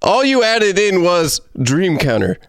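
A man's voice: sits high, sing-song, a little slow, no room sound. Rambling joking male host, dry sound. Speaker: podcast host. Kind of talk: casual card-game chat.

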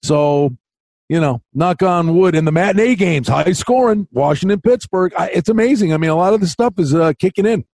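A man with a fairly high voice co-hosts a sports betting podcast, chatting casually and telling animated stories. The sound is dry and close, with no room echo. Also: brisk. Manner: animated storyteller, acts out quotes in a higher voice. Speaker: podcast co-host.

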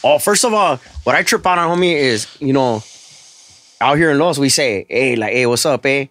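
A man's voice: a little high, lively intonation, moderate pace, a bit bright, no echo, clean studio sound. A man, hosting a casual podcast chat in a laid-back, slang-heavy way. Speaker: podcast host.

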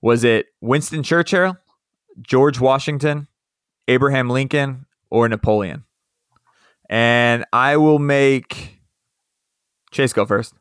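This is a laid-back man hosting a casual podcast. His voice sits at an ordinary middle pitch, and it is recorded dry and close with hardly any room sound. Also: slow, long pauses, fairly bright tone, smooth, no room sound. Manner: laid-back, runs a trivia quiz. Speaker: podcast host.

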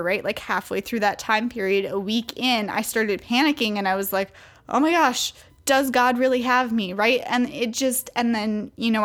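Brief: young woman, faith coach, loose chatty delivery, mid-pitched voice. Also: a bit bright. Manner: chatty, many fillers and restarts. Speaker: Christian coach. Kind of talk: casual devotional talk to women.

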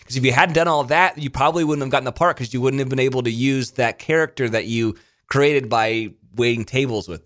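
A man's voice: mid-range voice, fairly bright tone. A man interviewing a guest, asking about and recapping her story with curiosity. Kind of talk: casual interview.

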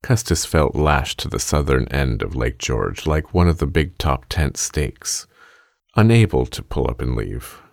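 A man narrating a fiction story in a measured, steady reading. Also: very deep voice, vocal fry, no room sound, clean studio sound.

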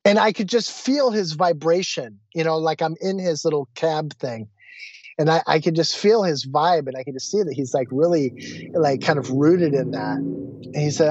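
A man who teaches Vedanta, a guest telling a personal anecdote. He tells it lively, acting out the quoted voices and often restarting his sentences. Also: fairly high pitch, moderate pace, dry recording, dull audio.

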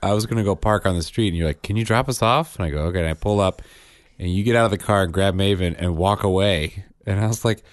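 A man in his thirties chatting casually as a podcast co-host and father, telling stories in an animated way and acting out the quotes. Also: low voice, quick pace, no room sound, clean studio sound. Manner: animated storytelling, acts out quotes. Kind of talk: casual chat.

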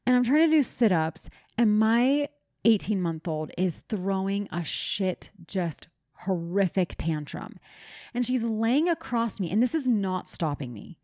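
A woman's voice: medium pitch, animated, unhurried, mellow. A young woman co-hosting a chatty podcast, telling a story with lots of energy and casual swearing. Her voice sits in a middle range and the sound is close and dry, with no room echo. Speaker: podcast co-host. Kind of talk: casual chat.

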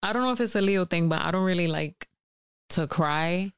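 Very low, gravelly woman speaking candidly. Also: normal speed, no echo, studio quality. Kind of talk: casual chat among friends.

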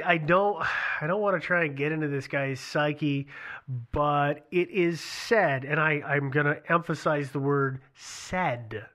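A man's voice: fairly high pitch, pushed and bright. A man co-hosting a casual talk show, leading the storytelling in a conversational way. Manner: conversational, leads the storytelling with frequent restarts. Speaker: podcast co-host. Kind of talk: casual true-crime chat.

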